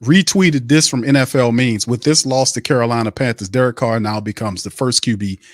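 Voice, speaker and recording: A man's voice: mid-range voice, steady tone, fairly quick, no room sound, studio quality. A man hosting a sports podcast, ranting in blunt, profane, repetitive bursts. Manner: fired-up ranting, repeats himself, blunt and profane. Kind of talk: heated sports commentary.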